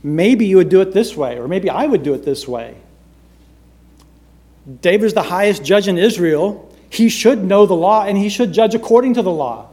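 Man preaching a sermon, high voice, dramatic, loud then hushed. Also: lively intonation, normal speed, breathy edge. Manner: dramatic, shifts between loud emphasis and hushed delivery.

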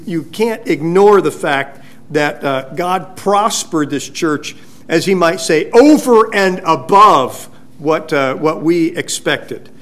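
Halting, conversational male pastor. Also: a little high, a bit bright. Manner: conversational, halting with many restarts. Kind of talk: sermon. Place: church sanctuary.

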